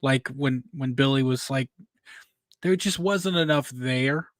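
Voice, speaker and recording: A man's voice: medium pitch, a little slow, no room sound, studio quality. A man co-hosting a fan-film review show, talking candidly in a casual chat full of fillers. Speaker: co-host reviewing fan films.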